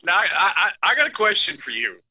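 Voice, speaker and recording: A man's voice: sits high, very animated, fairly quick. Dry-joking man on a muffled line. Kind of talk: live call-in sports talk.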